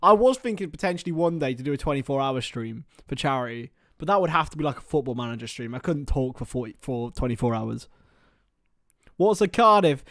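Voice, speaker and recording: A young man hosting a casual live stream, chatting with viewers by name and bursting into excited shouts. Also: medium pitch, fairly quick, no room sound, clean studio sound. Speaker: livestream host.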